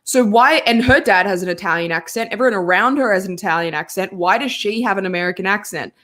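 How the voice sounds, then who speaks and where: A woman's voice: mid-range voice, fast, sharp tone. A woman co-hosting a movie review podcast, talking casually and animatedly with frequent laughs and filler words. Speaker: podcast co-host.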